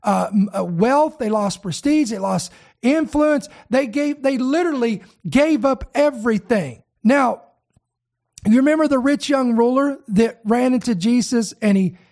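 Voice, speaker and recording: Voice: medium pitch, measured pace, a little mellow. A preacher delivering a sermon, speaking earnestly, repeating key words for emphasis and addressing the listeners directly.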